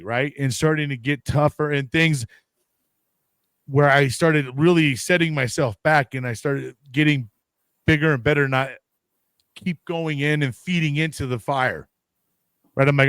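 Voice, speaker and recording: A man's voice: on the high side, measured pace, dry recording. A man co-hosting a casual podcast chat, talking in long rambling runs, swearing freely and acting out his own reactions. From United States. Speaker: podcast co-host.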